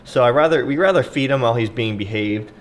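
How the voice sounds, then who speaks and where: A man casually talking about feeding and training his dogs in a relaxed vlog style, with fillers and restarts. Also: mid-range voice, fast. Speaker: dog owner vlogger. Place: outdoors in wind, cold winter day. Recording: windy outdoor camera audio.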